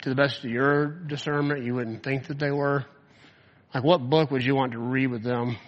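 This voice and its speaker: A Bible teacher speaks to a group in a hall or classroom, his mid-range voice holding a fairly even intonation at a moderate pace. He tells stories casually, peppering them with "like." The audio is dull, with a long room reverb.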